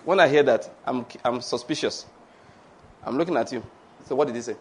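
A man preaching a sermon, animated and humorous, laughing often and acting out the voices he quotes. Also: a little high, brisk, husky.

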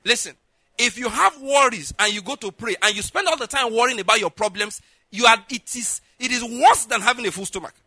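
A middle-aged man, a pastor preaching a sermon with lively acted-out stories, often saying "listen" and "all right". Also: very high voice, a little fast, no room sound. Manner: lively, repeats "listen" and "all right", laughs at own jokes.

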